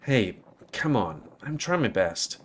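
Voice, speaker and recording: A man reading a visual novel aloud with an expressive delivery and hesitant, stumbling asides. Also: fairly low pitch, slow pace, a little hiss or hum.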